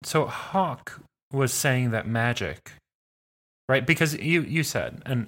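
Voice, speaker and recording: Man, tabletop player, rambling, lots of fillers, mid-pitched voice. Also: lively intonation, slow pace, fairly bright tone. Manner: rambling, many fillers and restarts. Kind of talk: casual tabletop role-play chat.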